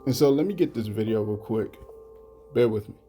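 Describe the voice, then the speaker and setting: A man giving a religious commentary, speaking haltingly and often repeating "you know what I'm saying" between points. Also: on the low side, animated, warm tone, husky, soft background music. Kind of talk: scripture commentary vlog.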